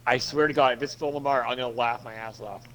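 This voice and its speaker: A man chatting casually while playing a game, rambling and excitable, swearing freely and tripping over his words. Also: medium pitch, fast talker, slight background noise. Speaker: gameplay commentator.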